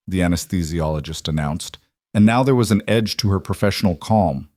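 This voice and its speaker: Low, dry male story narrator. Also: darkish tone, no echo. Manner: measured, emotive storytelling. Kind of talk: scripted dramatic narration.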